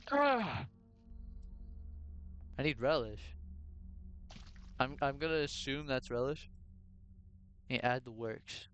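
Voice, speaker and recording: A man's voice: medium pitch, unhurried, pauses often, fairly bright tone, soft background music. A man streaming a game, joking around and playing along as a shop clerk talking to customers. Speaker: gaming streamer. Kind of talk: joking gameplay commentary.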